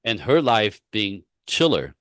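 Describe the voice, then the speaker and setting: Male relationship coach, guest on a talk show, low voice, emphatic and repetitive, dry close sound. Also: takes it slowly, no echo. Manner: emphatic, repetitive, animated storytelling. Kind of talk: casual interview talk.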